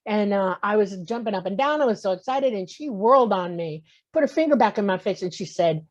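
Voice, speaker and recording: A woman's voice: mid-range voice, animated, a little fast, few pauses, a little mellow. A woman in her sixties telling a personal story as a guest on a talk show. She acts out the voices in her story and keeps checking in with "okay?". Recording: muffled lo-fi audio.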